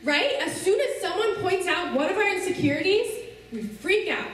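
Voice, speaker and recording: High-voiced woman in an echoey hall. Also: very animated, moderate pace, a bit bright, recorded from a distance. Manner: earnest storytelling that checks in with the audience. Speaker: speaker addressing a youth audience. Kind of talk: personal testimony talk.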